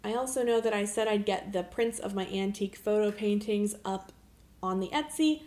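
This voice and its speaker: A young woman vlogger telling a story in a casual, animated way, laughing often and saying "like" a lot. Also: medium pitch, moderate pace. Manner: animated, with frequent laughs and filler "like".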